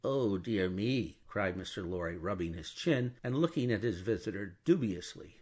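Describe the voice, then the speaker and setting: A man narrating a classic novel as an audiobook, in an expressive, measured storytelling manner. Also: deep voice, breathy edge. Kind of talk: scripted narration.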